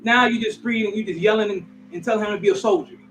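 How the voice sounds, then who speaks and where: A man speaking as a guest in a casual panel debate, laying out his point in a measured, explaining way. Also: high-pitched, a bit bright, soft background music, poor audio.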